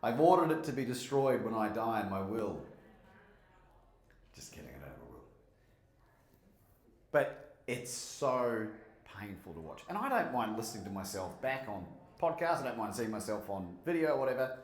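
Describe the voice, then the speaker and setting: An Australian man from Melbourne, a motivational speaker and podcast host, gives an animated live keynote and tells stories while asking the audience questions. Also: medium pitch, brisk. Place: conference hall with a live audience. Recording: roomy hall sound.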